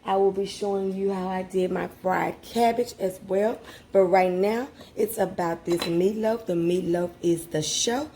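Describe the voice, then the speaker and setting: A woman's voice: mid-range voice, fairly even intonation, measured pace, dark tone, a little hiss or hum. A woman hosting a casual home cooking vlog, chatty and heartfelt, talking straight to her viewers from her kitchen. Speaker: cooking channel host.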